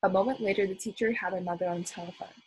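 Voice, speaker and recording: A woman reading a children's novel aloud, expressive, with small slips and restarts. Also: mid-range voice, racing, a little hiss or hum, poor audio. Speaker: volunteer reader.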